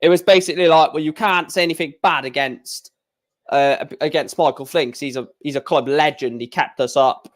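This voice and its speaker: A man's voice: fairly high pitch, fairly quick. A young man chatting casually on a live stream, rambling with stammered restarts and blunt opinions.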